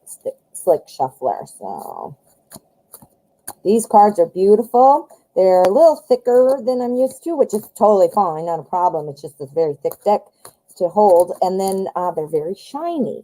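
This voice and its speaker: Lady doing a live tarot stream, chatty and excitable, self-deprecating jokes, warm dark voice. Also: medium pitch, normal speed, rough recording. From western suburbs of Chicago, US.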